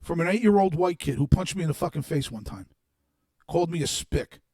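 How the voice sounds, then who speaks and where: A man's voice: a little high, expressive, brisk, no room sound, studio quality. Blunt, profane man in his forties. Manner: blunt and heavily profane, swinging from quiet reflection to shouted anger. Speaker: streamer addressing his audience. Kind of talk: unscripted monologue.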